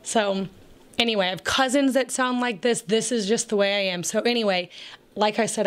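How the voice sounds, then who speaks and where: A woman with a naturally raspy, gravelly voice, chatting casually to camera as a video host in a rambling way full of fillers. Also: mid-range voice, steady tone, fairly quick. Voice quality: raspy, gravelly voice that viewers mistake for a damaged throat. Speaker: YouTube host.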